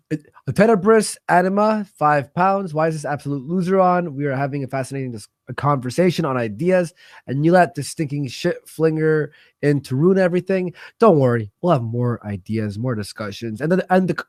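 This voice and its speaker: A man hosting a casual livestream, his voice rising and falling in lively swings. He swears freely, laughs loudly and reads viewer messages aloud. The sound is close and dry, with no room around it. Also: on the high side, a little fast, no echo. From Canada. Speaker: livestream host reading donations.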